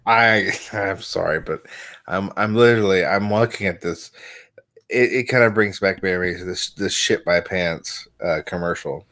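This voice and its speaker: A man's voice: sits low, moderate pace, a bit bright. A man co-hosting a podcast in casual chat, joking crudely and stammering into his stories. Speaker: podcast co-host.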